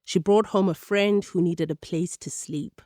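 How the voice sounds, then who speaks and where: A woman narrating a radio documentary in a measured, clear storytelling manner. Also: fairly low pitch, fairly even intonation, warm tone, no room sound, clean studio sound.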